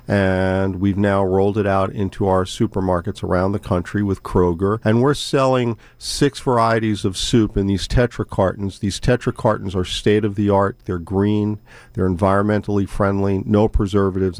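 A man's voice: on the low side, darkish tone, dry recording. A man from a soup company talking up his product in a casual interview, upbeat and promotional. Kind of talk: casual business pitch.

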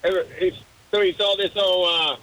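A man calling into a radio show, telling a long joke with many halting restarts. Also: high-pitched, fairly even intonation, fairly bright tone, low-quality recording. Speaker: caller.

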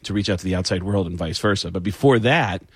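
A man's voice: low-pitched, fast talker, slightly rough, no room sound. A middle-aged man, a comedian and impressionist, telling stories in a casual studio interview. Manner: animated storyteller, jumps into voices. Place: radio studio.

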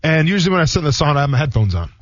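A man's voice: fairly high pitch, sing-song, no echo. A man in his thirties, a former football player, co-hosting a sports radio show and telling rambling stories with lots of fillers. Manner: fast, rambling storytelling with many fillers. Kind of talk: casual sports radio talk. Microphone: studio microphone. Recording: dull, dry radio studio sound.

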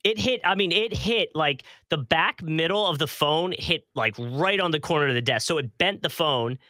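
A young man with a bright, tense tone chats casually on a podcast, rambling through his stories with plenty of laughter. His pitch runs a bit high for a man, and the sound is dry and close. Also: expressive, normal speed, dry recording. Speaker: podcast co-host. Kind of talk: casual chat.

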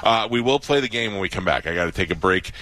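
Excitable man hosting radio talk. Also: low voice, fast, dry recording. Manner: excitable, laughing often. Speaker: radio show host.

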